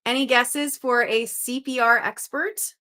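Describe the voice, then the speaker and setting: A woman's voice: on the high side, fairly even intonation, unhurried, pushed and bright. A young woman hosting a live puzzle stream, chatting casually and reading out viewers' guesses with upbeat energy. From Western Canada.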